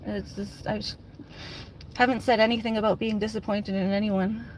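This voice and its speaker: A tired woman chats from behind the wheel, loose and rambling with plenty of fillers and quick laughs. She keeps her delivery deliberately calm and low-key. The engine and road noise hum clearly under her voice. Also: low-quality recording. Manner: chatty, laughs often, many fillers like "like". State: tired with a headache. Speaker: vlogger. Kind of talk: casual chat while driving. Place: in a car on country roads. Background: vehicle noise.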